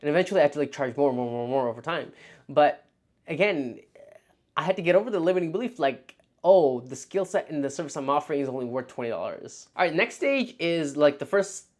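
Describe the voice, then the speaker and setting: Animated young man telling stories. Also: on the high side, fairly quick. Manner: animated, acts out his past thoughts, many fillers of "like". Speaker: freelance marketer and video host. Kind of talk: casual vlog storytelling.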